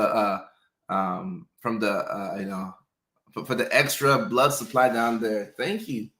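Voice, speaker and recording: A male doctor and show host telling casual personal stories, animated, slipping into playful voices for quotes. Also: fairly low pitch, measured pace. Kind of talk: casual storytelling. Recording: roomy echo.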